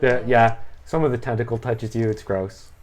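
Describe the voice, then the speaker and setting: A woman running a tabletop game as game master, narrating monsters in a relaxed, descriptive way. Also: extremely low pitch, moderate pace, crowd noise.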